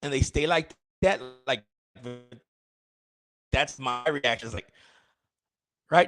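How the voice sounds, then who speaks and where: A man's voice: mid-range voice, takes it slowly, pauses often, a bit bright, no room sound. A man, a streamer and rapper, chatting casually in a rambling, crude, joking way. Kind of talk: casual livestream chat.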